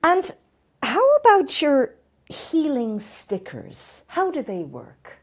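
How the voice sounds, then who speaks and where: A woman's voice: high-pitched, wildly swooping pitch, slow, heavily acted. A comedian playing a beleaguered female talk show host who keeps up formal presenter patter and stammers when caught off guard. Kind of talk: stand-up character comedy.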